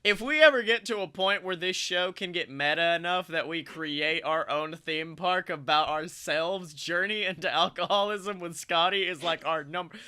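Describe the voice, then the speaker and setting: A man's voice: fairly high pitch, normal speed, few pauses, bright, forceful tone, clean tone. A young man co-hosting a podcast, rambling through a funny story and laughing as he talks. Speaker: podcast co-host. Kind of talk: casual storytelling chat.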